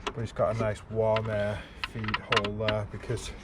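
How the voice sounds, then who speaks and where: A man's voice: lowish voice, completely flat delivery, moderate pace, very noisy. A man, chatting bluntly and swearing to a handheld camera outdoors while working on a car. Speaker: car vlogger. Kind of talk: casual swearing chat to camera. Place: outdoors beside a car at a roadside. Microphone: handheld camera on gimbal.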